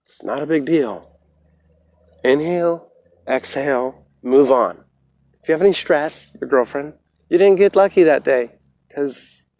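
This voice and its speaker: A man talking casually into his phone on a livestream, preaching about the mind and meditation with lots of swearing, swinging from soft musing to loud ranting. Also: mid-range voice, dry recording. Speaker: motivational livestreamer. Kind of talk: casual rambling livestream rant.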